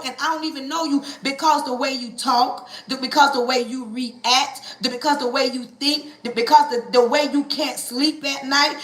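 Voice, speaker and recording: Woman, livestream preacher, emphatic, repetitive, call-and-response, sharp ringing voice, roomy echo. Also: high-pitched. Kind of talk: impassioned livestream sermon.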